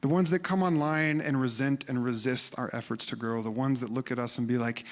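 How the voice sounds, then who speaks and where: A man preaching a sermon in a conversational, animated way, acting out quoted voices and sometimes dropping to a whisper. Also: medium pitch, fairly quick, few pauses, in a large hall. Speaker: pastor.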